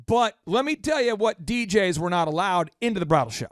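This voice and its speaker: A man hosting a podcast, telling a story in a quick, animated, self-mocking way. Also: high voice, dry recording, clean studio sound. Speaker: podcast host. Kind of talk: storytelling in casual chat.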